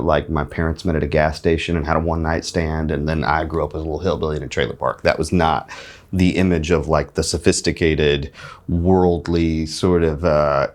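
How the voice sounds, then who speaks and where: A man from North Carolina, a musician giving a backstage interview, speaking in a reflective, articulate way with frequent pauses and fillers. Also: a bass voice. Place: festival backstage.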